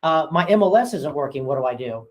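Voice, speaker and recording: Expressive and fast, this man's fairly high, darkish voice comes through a rough recording. He's a real estate broker and owner running a casual session for his agents, telling blunt stories from work, performing phone calls with voices, and chatting with many fillers.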